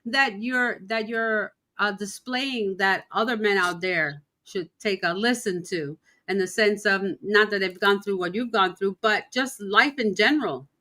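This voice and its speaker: A woman's voice: medium pitch, unhurried, hardly any pauses, sharp tone. A woman hosting an interview, supportive, laughing easily with her guest. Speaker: podcast host. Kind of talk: casual interview chat.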